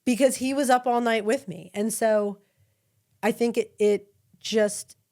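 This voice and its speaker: A woman's voice: fairly high pitch, a little slow. A woman in her thirties co-hosting a podcast, telling family stories in casual chat and laughing often. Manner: animated storyteller, laughs often. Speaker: podcast co-host.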